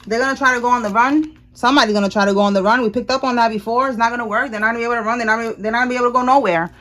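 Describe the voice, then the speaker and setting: Tarot reader, woman, a little high, blunt and emphatic, swears casually, chatty delivery. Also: fairly even intonation, rapid-fire, fairly bright tone, slight background noise. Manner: blunt, emphatic, swears freely, repeats "all right?". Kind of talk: casual tarot reading to viewers. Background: people talking in the house.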